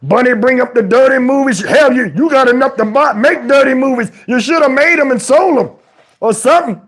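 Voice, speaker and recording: A man's voice: very high-pitched, a little fast. Scolding old dad, as a man puts him on. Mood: indignant. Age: older. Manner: exasperated scolding, preachy, swears, shouts at times. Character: scolding elderly father, preachy and outraged. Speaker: comedian. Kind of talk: comedic rant in character.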